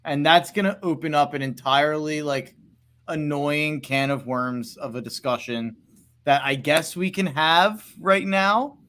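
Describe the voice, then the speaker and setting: Man, fairly high voice, rambling sports podcast co-host, lots of restarts. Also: a little slow, fairly bright tone. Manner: rambling, many restarts and hedges. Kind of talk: casual sports talk.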